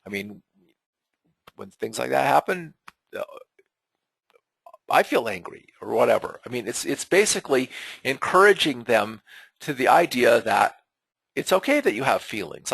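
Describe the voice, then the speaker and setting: A man's voice: mid-range voice, big pitch swings, normal speed, gravelly, pauses often, fairly bright tone, husky, no echo, low-quality recording. A middle-aged man teaching in a webinar, talking in a conversational, earnest way with frequent fillers and repeated words. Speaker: teacher of an online member webinar.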